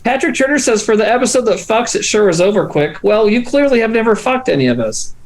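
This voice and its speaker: A man co-hosting a casual livestream chat over a video call, animated and joking, swearing freely. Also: sits high, quick pace, noisy background. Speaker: podcast co-host.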